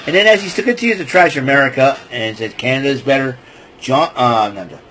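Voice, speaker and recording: A man's voice: medium pitch, fairly quick, fairly bright tone, slight background noise, rough recording. A man hosting a podcast, casually retelling wrestling events in a loose, rambling way with lots of fillers and restarts. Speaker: podcast host.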